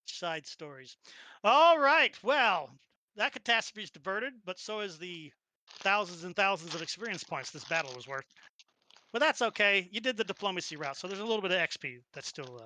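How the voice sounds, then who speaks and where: A woman's voice: on the low side, expressive, brisk, bright, forceful tone. A woman running a tabletop game as game master, narrating and chatting with players in a giggly, rambling way.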